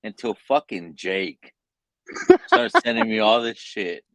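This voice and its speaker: A man's voice: fairly low pitch, a little slow, fairly bright tone, no echo. A man on the West Coast chatting casually, swearing as he talks. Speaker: livestream panelist. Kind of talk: casual chat.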